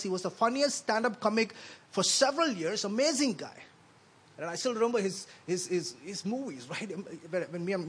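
A man's voice: high voice, breathy edge. A man preaching a sermon in a conversational way, often adding "right?" and repeating words as he speaks.

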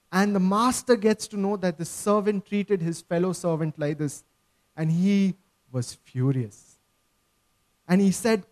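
A man's voice: sits high, unhurried. A man preaching a sermon, earnest and emphatic, often checking in with his listeners.

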